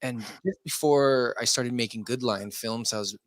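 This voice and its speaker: A man's voice: mid-range voice, moderate pace, no echo. A man guest on a casual podcast, laid-back and loose, filling his talk with "like". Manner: laid-back, lots of "like" fillers. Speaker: guest, filmmaker.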